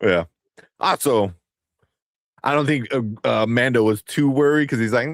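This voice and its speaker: A man in his thirties co-hosting a casual chat, acting out stories about his kids with big jumps in pitch. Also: unhurried, long pauses, no room sound, studio quality. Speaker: podcast co-host.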